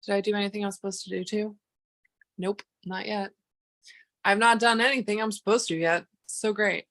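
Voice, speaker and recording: A woman's voice: mid-range voice, fairly even intonation, normal speed, a bit bright. A young woman chatting casually to her livestream audience, rambling off on tangents and breaking into exasperated, swearing rants.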